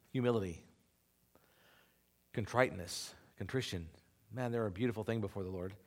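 A man's voice: lowish voice, normal speed, long pauses, a little mellow. A man preaching a sermon as pastor, earnest and conversational, often checking in with his listeners.

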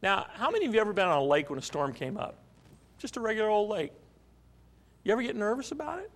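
A man's voice: high-pitched, very animated, fast talker, fairly bright tone. A man preaching a sermon, telling a story and asking the congregation questions. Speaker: pastor.

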